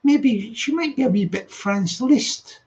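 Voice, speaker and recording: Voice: medium pitch, animated, a little slow, darkish tone, dull audio. A live stream host, rambling and chatty while reading viewer comments late at night, laughing often.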